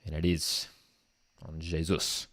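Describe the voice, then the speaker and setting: Brief: man, football watchalong host, low voice, casual and keen. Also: monotone, takes it slowly, fairly bright tone, no room sound, studio quality. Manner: casual and enthusiastic, often says "man". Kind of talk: live match watchalong commentary. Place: home streaming desk setup.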